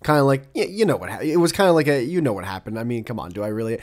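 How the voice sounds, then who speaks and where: A man's voice: medium pitch, animated, very fast, darkish tone. A young man hosting a podcast in casual solo chat, rambling and swearing, laughing often and working himself up into exasperated rants. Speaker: podcast host.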